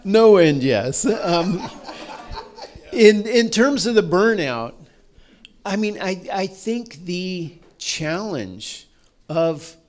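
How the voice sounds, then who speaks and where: A man's voice: high voice, animated, extremely slow, darkish tone. A man on a discussion panel who answers questions thoughtfully and often restarts his sentences.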